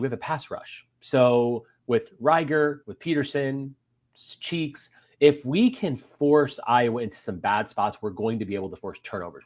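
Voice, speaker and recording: A man co-hosting a sports podcast from a hotel room, talking in an emotional, excitable way with lots of fillers. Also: medium pitch. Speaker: podcast co-host.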